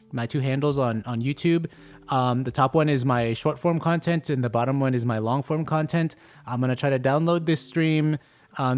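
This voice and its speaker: A man's voice: mid-range voice, clear, resonant tone. A young man hosting a casual live stream, talking hesitantly with lots of ums and uhs. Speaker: livestream host. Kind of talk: casual livestream chat.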